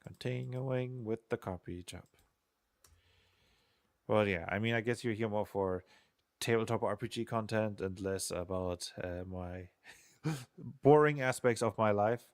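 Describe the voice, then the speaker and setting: A man's voice: on the low side, measured pace, long pauses, no room sound, studio quality. A young man streaming while he programs, chatting casually and rambling in a self-deprecating way with frequent chuckles. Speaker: game designer streaming programming.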